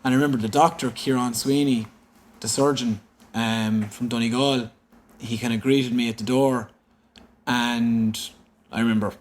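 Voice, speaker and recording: A man in his thirties with a Cork Irish accent, telling a personal story openly as a podcast guest, halting and full of fillers. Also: mid-range voice, steady tone, slight background noise. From Ireland. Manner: open, halting, repeats himself with many fillers. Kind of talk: candid storytelling. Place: indoor room in San Francisco.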